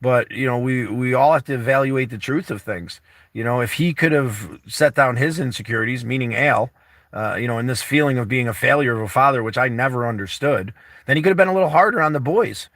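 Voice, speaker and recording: A man talking loosely over coffee with friends, rambling and frank, filling gaps with "you know" and dropping swear words. His voice is bright and forward at an ordinary pitch. The sound is dry and close, with no room around it. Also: brisk, dry recording. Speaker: vlog host chatting with friends. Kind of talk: casual chat. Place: inside a camper van over coffee.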